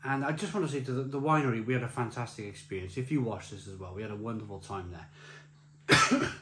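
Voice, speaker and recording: A man's voice: medium pitch, brisk, very noisy. Rambling male storyteller in an echoey room. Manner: rambling, laughing storyteller with many restarts. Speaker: beer vlogger telling a story. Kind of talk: casual anecdote. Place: beer festival. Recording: roomy echo with faint ambience.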